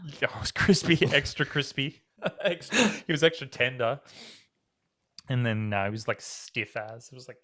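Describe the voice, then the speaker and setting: A man's voice: medium pitch, normal speed. A man in his thirties with an Australian accent, co-hosting a podcast in casual chat, joking and storytelling with swearing. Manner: joking, animated storytelling with frequent swearing and laughter. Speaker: podcast co-host.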